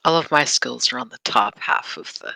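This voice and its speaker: A woman's voice: sits low, animated, moderate pace, vocal fry, sharp tone, no echo, rough recording. A woman playing a tabletop game with friends, playful and giggly. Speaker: player. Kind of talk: casual tabletop play.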